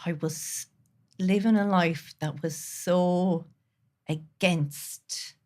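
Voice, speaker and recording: A woman guest on a podcast, speaking earnestly and from the heart, sometimes dropping to a soft near-whisper. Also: fairly low pitch, fairly even intonation, drawn-out words. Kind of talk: candid conversational interview.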